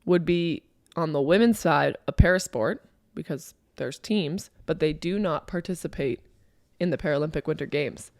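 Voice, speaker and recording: A woman's voice: low-pitched, moderate pace, few pauses, darkish tone, no room sound, clean studio sound. Playful Canadian woman co-hosting a podcast. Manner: playful, laughing often. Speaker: podcast co-host. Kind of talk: casual chat.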